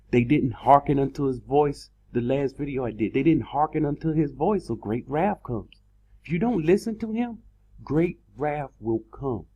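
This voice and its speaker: A man preaching a sermon in an online video, emphatic, repeating words and slowing down to stress his points. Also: fairly high pitch, mellow, breathy edge, dull audio.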